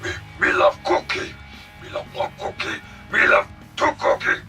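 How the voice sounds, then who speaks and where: A man voicing a greedy male monster obsessed with cookies, speaking in broken baby-talk with a gravelly growl. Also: normal speed, bright, forceful tone, far from the mic, faint music behind. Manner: broken baby-talk grammar, gobbling noises.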